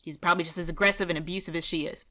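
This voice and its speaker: A woman dog trainer talks through a training video in a loose, conversational way, blunt and indignant in her opinions. Her voice sits a little low but has a bright, forward edge to it. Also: steady tone, very fast. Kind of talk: casual video commentary and storytelling.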